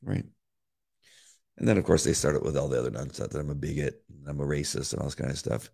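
A man co-hosting a faith podcast in casual chat, with a deep voice. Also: fast talker, a little mellow. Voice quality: deep gravelly voice. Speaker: podcast co-host.

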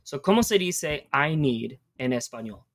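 A woman's voice: very deep voice, lively intonation, normal speed. A woman hosting a podcast, teaching Spanish verb endings in a casual, encouraging way and spelling out words.

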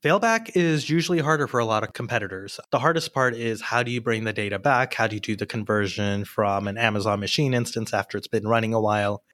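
Steady man explaining tech, dry sound. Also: on the low side, fast talker, hardly any pauses, no echo. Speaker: podcast guest, product expert.

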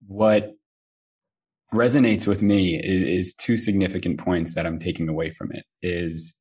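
Man, host, measured, very low pitch, heard from far off the mic. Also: steady tone, a little mellow, breathy edge. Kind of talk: conversational interview.

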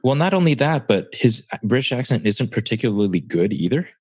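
A man's voice: medium pitch, sing-song, fairly quick, a little mellow, breathy edge, no room sound. A man in his twenties co-hosting a podcast, chatting casually and telling stories with candid swearing. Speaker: podcast co-host. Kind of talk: casual chat.

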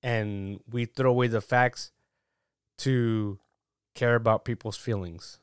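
A man's voice: mid-range voice, takes it slowly, clean tone, dry recording, clean studio sound. A man giving a casual, chatty sermon, reading scripture and laughing at his own asides. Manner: relaxed, chatty, laughs at himself. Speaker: preacher.

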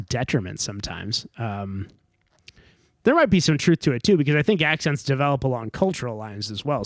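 Halting, chatty man thinking aloud. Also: medium pitch, no echo, studio quality. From northern United States. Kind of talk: casual chat.

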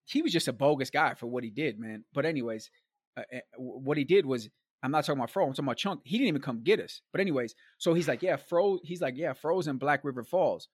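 A man's voice: mid-range voice, quick pace, husky, no echo, studio quality. A man telling a long story in a casual, rambling way, with lots of fillers and slang asides. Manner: rambling and animated, heavy on fillers like "like", "man" and "bro". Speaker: guest storyteller.

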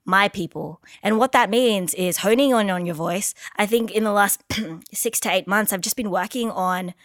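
A young woman talks openly on a podcast mic, lively and frank, often breaking into laughter. Her voice is close and dry, with no room sound around it. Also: medium pitch, moderate pace, no room sound. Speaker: guest, content creator. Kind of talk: casual podcast chat. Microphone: podcast microphone.

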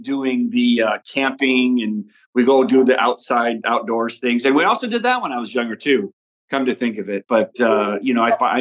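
Male podcast guest from Nebraska, mid-pitched, loose rambling storyteller, casual interview. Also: a bit bright, low-quality recording. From Nebraska, USA. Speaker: podcast guest, father and entrepreneur.

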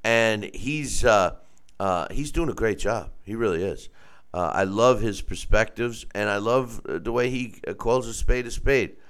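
Blunt man with a smooth low voice. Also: measured pace, fairly bright tone. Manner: blunt, opinionated. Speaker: boxing commentary host. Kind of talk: casual opinionated commentary.

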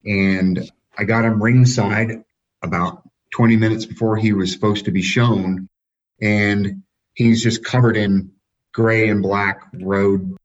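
A man, a dog-breeder guest on a podcast, telling relaxed anecdotes in a casual way. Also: on the low side, slow pace. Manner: relaxed, anecdotal, chuckles at his own stories. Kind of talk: casual storytelling. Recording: dull lo-fi sound.

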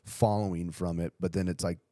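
A man with a fairly low voice, chatting in a relaxed, rambling way on a podcast. He leans on fillers and curses often. The recording is dry and close. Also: a little fast, no room sound. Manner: laid-back, rambling, profane. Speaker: podcast host, t-shirt company owner. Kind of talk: casual chat.

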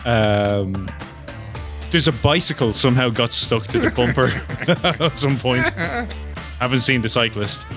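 A man playing a tabletop game, describing the scene haltingly with jokes. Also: medium pitch, over music. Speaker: player.

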